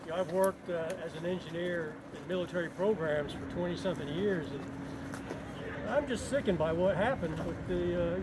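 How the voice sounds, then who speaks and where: A man, a veteran, speaking plainly and with indignation at a vigil. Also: high voice. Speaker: veteran attendee. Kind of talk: impromptu remarks to a crowd. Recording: loud outdoor street noise.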